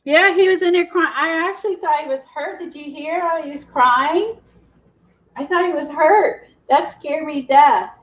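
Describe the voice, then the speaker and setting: A woman's voice: high-pitched, moderate pace, muffled recording. A woman hosting a craft livestream, chatting casually, laughing often and reading the live chat.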